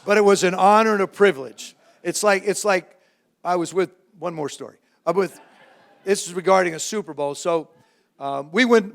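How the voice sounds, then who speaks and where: A man around seventy, from New Jersey, telling lively, self-mocking stories to a live audience as a former quarterback and guest speaker. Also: fairly high pitch. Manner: lively anecdotes with self-mocking humor, frequent restarts. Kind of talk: storytelling talk to a live audience.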